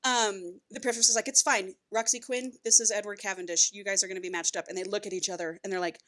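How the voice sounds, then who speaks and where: A woman's voice: mid-range voice, steady tone, fast talker, a bit bright. A woman co-hosting a podcast, casually recapping a book and acting out its characters' lines, with frequent swearing. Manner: swearing, acts out characters' lines in a chatty retelling. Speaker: podcast co-host.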